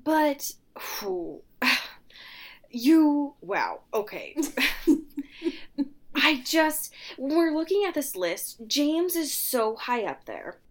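A woman co-hosting a podcast in casual chat, animated and quick to laugh as she rants. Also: high-pitched. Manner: animated, ranting, laughs often. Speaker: podcast co-host.

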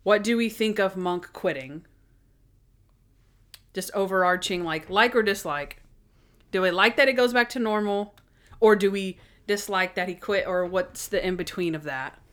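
A woman's voice: medium pitch, normal speed. A young woman co-hosting a casual chat, recapping episodes in a chatty way. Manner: chatty, acts out scenes in voices.

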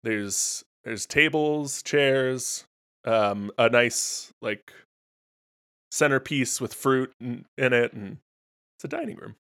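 A man narrates as game master of a tabletop role-playing game. He speaks in halting bursts full of ums and restarts as he sets each scene. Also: medium pitch, a bit bright, clean tone.

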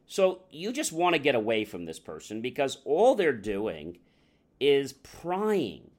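A man's voice: mid-range voice, wildly swooping pitch, slow. A male talk show host giving sales advice in a conversational, explaining manner. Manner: conversational, explaining, uses fillers. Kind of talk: advice talk with acted-out examples.

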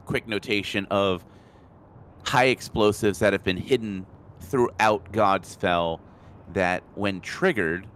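A man narrating a tabletop game as game master, describing scenes in a relaxed way with small restarts. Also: sits low, slight background noise.

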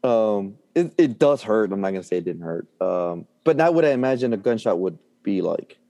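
A man's voice: fairly low pitch, big pitch swings, fairly quick, creaky, mellow. A middle-aged man telling a story in a casual chat, full of fillers and restarts, often laughing. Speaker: guest.

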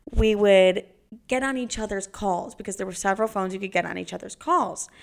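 A young adult woman hosting a podcast, telling stories in a casual, animated way, swearing freely and saying "like" a lot. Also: medium pitch. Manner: animated, jumps into acted-out voices. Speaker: podcast host. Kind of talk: casual storytelling.

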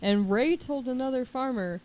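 Woman, podcast host, true crime storytelling, casual, chatty, animated. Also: high voice, moderate pace, rough recording. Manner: chatty, animated, says "like" often, puts on voices for quotes.

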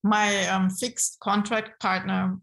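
A woman's voice: medium pitch, slow pace, vocal fry, rough recording. Woman telling business stories. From Germany. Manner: lively storytelling with frequent um and restarts. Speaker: guest, brand consultant. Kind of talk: casual interview talk.

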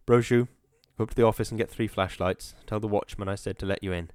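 A man's voice: fairly low pitch, fairly even intonation, fast, a little mellow, smooth, no room sound, studio quality, close to an everyday voice. A man reading the lines of a cold, bullying middle-aged mill foreman, with a sneering, menacing delivery. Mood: mocking.

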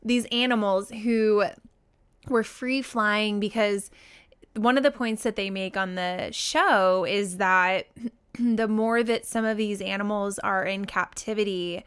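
Slow, smooth-voiced woman co-host. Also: mid-range voice, fairly even intonation. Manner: measured, reflective, thoughtful reactions. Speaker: podcast co-host. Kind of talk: casual chat.

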